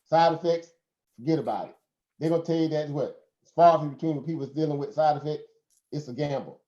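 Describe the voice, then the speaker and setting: A man with a Southern American accent, hosting a live stream in a slightly high, warm voice. He lectures in a preachy way, throws out rhetorical questions and laughs often. The sound is roomy and a little dull. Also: brisk. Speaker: host. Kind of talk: casual live stream talk.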